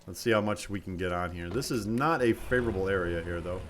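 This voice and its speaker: A man's voice: deep voice, fast talker, fairly bright tone, slight background noise. A man chatting casually with his viewers while playing a logging game on a live stream, rambling and talking things over with his chat.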